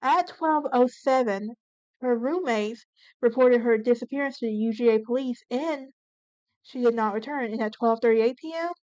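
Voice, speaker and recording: A woman with a fairly high voice narrates a true crime case as the channel's host. She reads from notes, stumbling and correcting herself often. The sound is dull and lo-fi, recorded dry with no room echo. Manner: reads from notes with frequent restarts and self-corrections.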